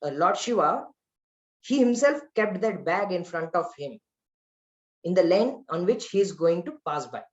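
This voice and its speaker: Indian guy giving a temple class, lively storyteller, a bit muffled lo-fi sound. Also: sits high, measured pace. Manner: animated storyteller, switches into Hindi phrases. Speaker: devotional class speaker.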